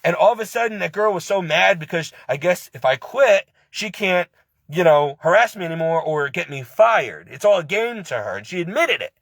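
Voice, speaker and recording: An angry, upset man vents in a rush, circling back and repeating himself as he talks. His voice sits high for a man. The sound is dry and close, with no room around it. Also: expressive, normal speed, a bit bright, no room sound. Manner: agitated, repetitive venting with many restarts. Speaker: ex-employee venting. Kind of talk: personal rant to camera.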